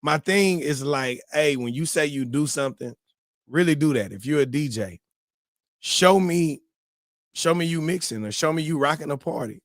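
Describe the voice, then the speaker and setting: A man hosting a morning live-stream show, giving casual, preachy advice in slangy talk that turns loud and animated, often repeating words. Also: fairly high pitch, normal speed, no room sound, studio quality. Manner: slangy and conversational, repeats words when fired up.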